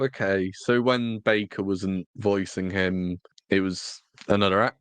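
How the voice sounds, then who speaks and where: Podcast co-host, male, lowish voice, wry teasing delivery, dry close mic. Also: level tone, measured pace, a bit bright, clean tone, no room sound. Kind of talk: casual chat.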